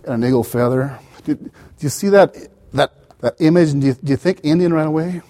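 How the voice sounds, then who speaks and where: A man's voice: on the high side, fairly quick, warm tone. A man giving an academic lecture as the author, digressive, with wry asides and many "you know" fillers.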